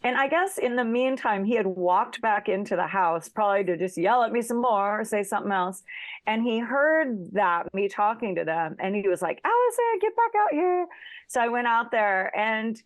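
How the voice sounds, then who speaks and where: A woman's voice: mid-range voice, moderate pace, dry recording. A middle-aged woman, an interview guest, telling a story in casual chat with plenty of "like" and "you know" and acting out the lines she quotes. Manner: chatty, lots of fillers like "like" and "you know".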